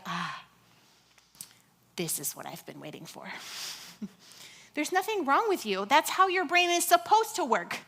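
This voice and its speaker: Woman pastor in her thirties, conversational preacher, lively, sometimes hushed, slightly high pitch. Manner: conversational, animated, drops to a hush. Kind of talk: sermon.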